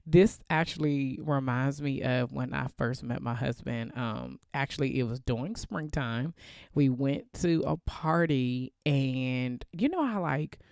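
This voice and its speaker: A woman in her thirties hosting a casual faith podcast, with a deep, bassy voice that sounds congested from allergies. She is chatty and laughs often. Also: a little slow, vocal fry, a little mellow, dry recording, clean studio sound. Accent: American. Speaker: podcast host.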